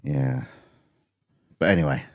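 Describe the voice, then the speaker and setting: A man's voice: a bass voice, unhurried, vocal fry, dry recording, highs cut off. A man co-hosting a live stream, rambling in casual chat and often repeating his words. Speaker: co-host.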